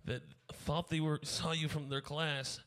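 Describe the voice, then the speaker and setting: A man's voice: a little high, flat delivery, a little slow, fairly bright tone. A man hosting a live comedy stream, chatting in a laid-back, rambling way. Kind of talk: casual chat.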